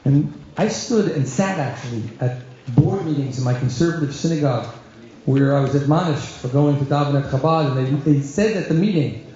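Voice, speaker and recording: A man, a rabbi, telling stories to a congregation with wry humor and lively acted-out voices. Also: a little high, brisk, slight background noise. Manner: animated storyteller, wry humor, acts out quoted voices. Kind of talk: storytelling talk to a congregation. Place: synagogue hall. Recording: echoey hall, dull lo-fi sound.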